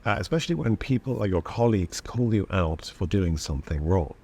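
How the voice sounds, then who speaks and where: A deep-voiced man narrates from a script, his British accent touched with a slight German twang. His delivery is measured and direct, pitched very low, with a radio-like depth. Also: lively intonation, a little mellow, breathy edge. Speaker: video narrator.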